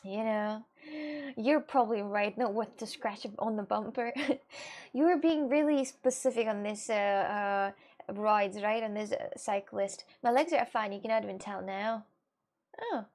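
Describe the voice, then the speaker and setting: A woman's voice: medium pitch, unhurried, a little mellow. Rambling young woman streamer. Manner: rambling, many fillers and restarts, reads chat aloud. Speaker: livestreamer chatting with viewers. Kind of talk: casual chat.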